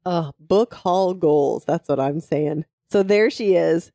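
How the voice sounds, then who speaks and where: Mellow-voiced woman gushing about books. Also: fairly low pitch, takes it slowly, gravelly, no echo, clean studio sound. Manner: gushing, laughing recap. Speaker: podcast co-host. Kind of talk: casual book discussion.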